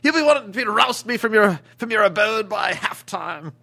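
A man's voice: high voice, expressive, moderate pace, gravelly, pushed and bright. A man co-hosting a podcast, chatting casually and playfully. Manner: playful, drops into a mock British accent. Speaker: podcast co-host. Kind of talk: casual chat.

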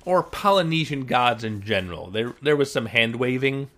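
A man's voice: mid-range voice, animated, moderate pace, fairly bright tone. A man co-hosting a casual podcast chat, recapping TV shows with wry, rambling asides and frequent restarts. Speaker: podcast co-host.

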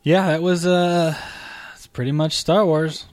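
A man's voice: a little high, fairly even intonation, a little slow, a little mellow, dry recording. A man co-hosting a podcast, musing about a film in laid-back, self-deprecating chat. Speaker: podcast co-host. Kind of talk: casual film commentary chat.

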